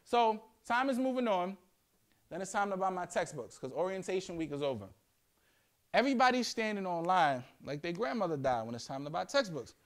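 A young man from Yonkers with a New York accent, telling playful, slangy stories as a guest speaker to high school students. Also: brisk. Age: young adult. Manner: animated, slangy, playful storytelling. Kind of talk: storytelling talk to students. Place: school classroom.

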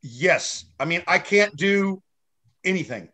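A man's voice: high voice, expressive, slow pace, sharp tone. A man being interviewed as an actor guest, still shaken after a head injury, talking in a rambling way with many restarts and casual swearing.

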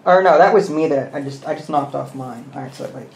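A man hosting a board game session, explaining the rules and counting pieces out loud as he plays. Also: on the high side, a little fast, vocal fry. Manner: thinks aloud, counting pieces and muttering rules. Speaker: host. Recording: roomy room with faint noise.

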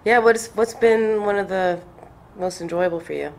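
A woman's voice: medium pitch, normal speed, gravelly. A woman hosting a podcast in casual interview chat, laughing often and chiming in with encouraging remarks. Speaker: podcast host.

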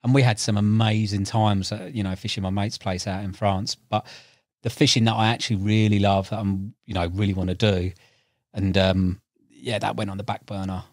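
A young man, a podcast guest, telling stories in casual chat, animated and laughing, acting out voices now and then. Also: lowish voice, normal speed, no echo, clean studio sound. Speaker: podcast guest, tackle shop owner and angler.

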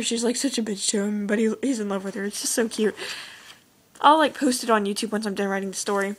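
A woman's voice: medium pitch, fairly even intonation, quick pace, low-quality recording. A teenage girl chatting casually as she shows her own drawings, gushing and rambling with lots of "like" and "oh my gosh". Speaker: vlogger showing her drawings. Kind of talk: casual chat.

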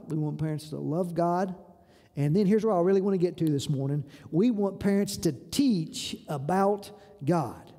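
A man's voice: high voice, warm tone, long reverb tail. A man pastor preaching an earnest sermon, asking the congregation rhetorical questions and urging them to listen. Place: church sanctuary.

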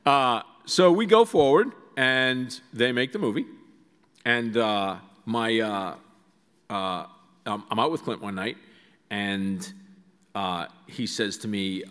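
A man with a fairly low voice spins comic stories for a live audience, chatty and animated, full of asides and fillers. His voice rings out with the long reverb of a big auditorium. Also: takes it slowly, clear, resonant tone. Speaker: guest speaker. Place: large auditorium. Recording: reverberant hall sound.

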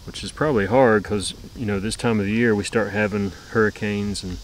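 A young man with a fairly low voice chatting outdoors about his homestead. He speaks in an easygoing, plainspoken way and lets sentences trail off. Faint crickets and insects chirp behind him. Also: steady tone, brisk, slight background noise, low-quality recording. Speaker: homestead vlogger, co-host. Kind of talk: casual chat. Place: outdoors at a garden.

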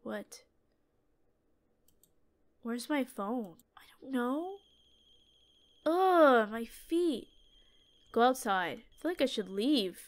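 A woman's voice: on the high side, lively intonation, drawn-out words, pauses often. A woman streamer giving joking running commentary on a horror game as she plays, talking back to the game and screaming at the scares. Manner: jokey, talks to the game, screams at jump scares. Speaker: gaming streamer.

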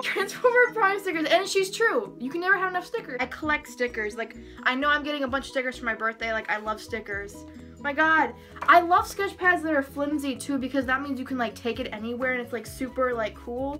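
Bright, high-voiced excitable woman vlogger. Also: a little fast, faint music behind. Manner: excitable and gushing, laughing often. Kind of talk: casual unboxing vlog.

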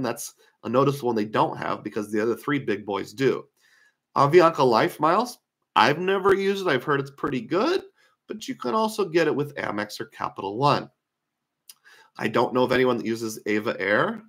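A man's voice: medium pitch, a bit bright. Man lecturing on points, voice fraying. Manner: conversational, opinionated, thinking aloud with fillers. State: slightly losing his voice. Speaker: credit card points educator. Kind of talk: casual screen-share lecture.

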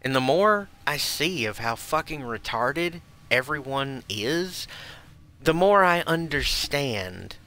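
A man's voice: mid-range voice, expressive, slow pace, sharp tone. A man streaming a game and ranting angrily with constant swearing. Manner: profane, heated ranting. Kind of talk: angry ranting while gaming.

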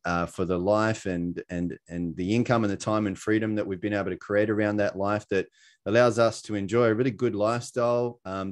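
A man with an Australian accent giving a casual, chatty presentation over a video call, with many fillers and little self-deprecating laughs. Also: fairly low pitch. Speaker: presenter sharing his story.

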